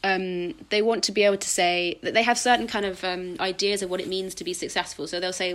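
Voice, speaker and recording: A woman, talking reflectively as an interview guest, pausing often with ums and restarts. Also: on the low side, fairly even intonation. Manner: halting and thoughtful, with frequent ums and restarts. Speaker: designer and podcast guest.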